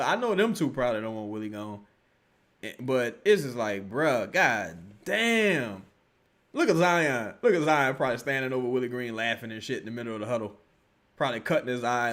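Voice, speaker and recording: A man reacting live to a basketball game and reading chat, with loud, profane, exasperated outbursts. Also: high voice. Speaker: sports streamer reacting live.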